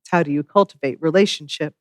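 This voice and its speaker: A minister giving a sermon in a measured, reflective way, with wry asides. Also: mid-range voice, no room sound.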